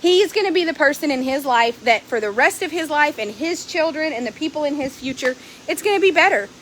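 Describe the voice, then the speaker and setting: A woman's voice: sits high, brisk, a little hiss or hum. A woman chatting casually to her phone camera at a horse barn, blunt and full of swearing. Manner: blunt, swearing, lively storytelling. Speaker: horse trader. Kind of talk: casual vlog chat.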